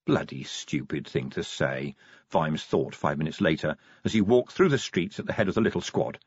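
A man narrating an audiobook with an expressive, varied delivery. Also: extremely low pitch, normal speed, slightly rough, dry recording. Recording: dull, muffled dry recording.

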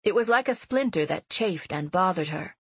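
Woman narrator, audiobook, low voice, dry close recording. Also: lively intonation, moderate pace, a bit bright, breathy edge, dry recording. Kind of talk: scripted narration.

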